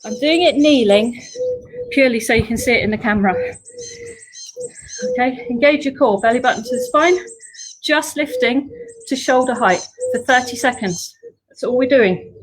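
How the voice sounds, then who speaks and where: A woman's voice: on the high side, normal speed, pauses often, breathy edge, rough recording. Upbeat woman coaching a workout. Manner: upbeat coaching, chatty asides. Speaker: fitness instructor. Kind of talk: live workout class instruction.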